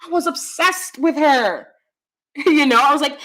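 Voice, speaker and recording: A woman, chatting casually and animatedly with her viewers while laughing often, swinging between loud bursts and soft asides. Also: high-pitched, measured pace. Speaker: channel host. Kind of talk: casual live-stream chat.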